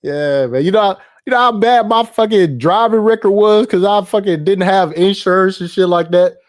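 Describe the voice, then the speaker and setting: A middle-aged man with a high-pitched voice, speaking at a normal speed, hosts a livestream. He reads chat and tells stories in a loose, profane style, laughing a lot and repeating himself.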